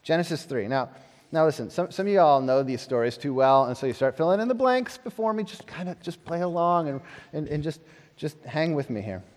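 A male pastor giving a conversational, animated sermon, often repeating words as he restarts. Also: fairly high pitch, a little fast. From United States. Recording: long hall reverb.

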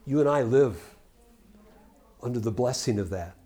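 An older man preaching a Bible-teaching sermon, earnest and full of rhetorical questions, rising loud for scripture and dropping quiet for asides. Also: mid-range voice, normal speed, pauses often. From United States.

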